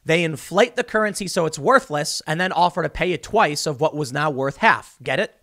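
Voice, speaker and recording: A man giving solo political commentary, sarcastic, mocking opponents in high put-on voices. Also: lively intonation, fairly quick, bright, forceful tone.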